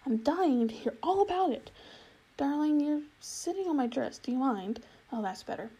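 A woman's voice: sits high, lively intonation, normal speed, mellow, poor audio. Woman voicing a gushing, giggly young noblewoman. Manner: gushing, airy, self-absorbed.

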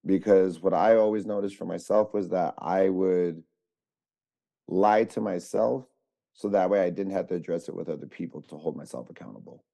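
A man in recovery, a podcast guest, talking in a halting, reflective way with frequent fillers. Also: low-pitched, vocal fry, dark tone. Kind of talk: casual conversation.

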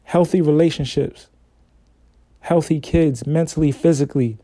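A man's voice: a little high, moderate pace, mellow, no room sound, clean studio sound. A man hosting a casual solo podcast, talking in a laid-back, slangy, conversational way. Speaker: podcast host, father.

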